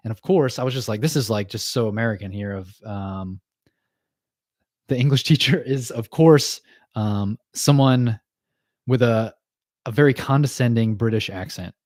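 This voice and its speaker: A man's voice: medium pitch, a little mellow, no echo. Chatty man recapping cartoons, dry sound. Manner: chatty, laughs often, many fillers and quick asides. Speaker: podcast host. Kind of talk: casual livestream chat recapping cartoon episodes.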